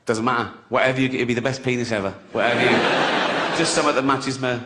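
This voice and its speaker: Sardonic profane comedian. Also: male voice, mid-range voice, steady tone, fast, heavy background noise. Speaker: stand-up comedian. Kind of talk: stand-up comedy routine.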